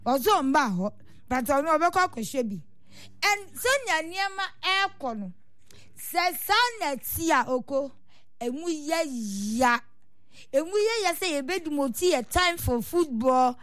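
A Ghanaian woman with a high voice speaks in an earnest, complaining tone as a supporters' union leader answering interview questions. Her voice sounds dry and close, with no room echo. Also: expressive, slow, a bit bright. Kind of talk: interview answers, mixing Twi and English.

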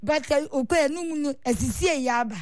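A Ghanaian woman with a high voice speaks in an earnest, complaining tone as a supporters' union leader answering interview questions. Her voice sounds dry and close, with no room echo. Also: brisk. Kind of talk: interview answers, mixing Twi and English.

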